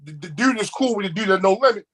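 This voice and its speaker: A man's voice: high-pitched, animated, fast, a bit bright, slightly rough, low-quality recording. A man in casual talk, telling streetwise stories and repeating words as he starts his sentences. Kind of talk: casual chat.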